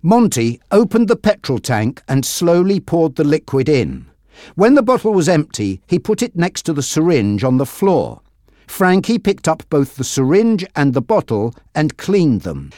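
Slow, expressive storybook narrator. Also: mid-range voice, no room sound, studio quality. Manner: deliberate, expressive. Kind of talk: slow dramatic storybook reading.

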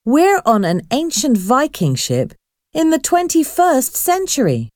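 A woman's voice: sits high, wildly swooping pitch, unhurried, a little mellow, no echo, clean studio sound, pitched above the performer's own voice, full character voice. A woman voicing an urgent, frightened young woman. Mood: earnest.

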